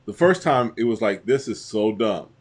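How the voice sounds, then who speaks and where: A man with a somewhat low voice speaks in a measured way during a casual chat, dropping short agreeing replies between the longer stories. He tells his own points plainly. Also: animated, darkish tone. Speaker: co-host.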